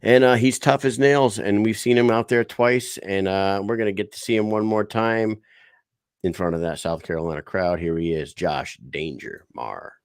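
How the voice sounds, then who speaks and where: A man's voice: fairly low pitch, fairly even intonation, moderate pace, clear, resonant tone, no room sound, studio quality. A man co-hosting a casual chat show, hyping up guests and swearing casually. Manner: hyped, swears casually when introducing guests. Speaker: podcast co-host.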